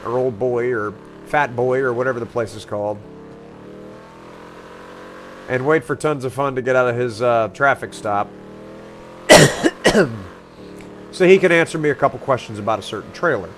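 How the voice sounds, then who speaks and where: A man's voice: mid-range voice, normal speed, fairly bright tone, a little hiss or hum. A young man streaming a roleplay game, chatting casually, rambling and joking with plenty of cursing. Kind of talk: casual gameplay chat.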